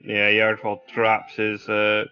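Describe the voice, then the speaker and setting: Smooth, low-voiced man player. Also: completely flat delivery, takes it slowly, highs cut off. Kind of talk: casual game chat.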